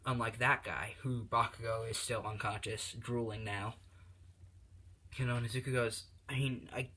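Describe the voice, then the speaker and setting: Rambling man with a bright voice. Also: medium pitch, steady tone, moderate pace, a little hiss or hum. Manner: rambling, full of fillers. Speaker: storyteller. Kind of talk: improvised fan story narration. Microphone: tablet.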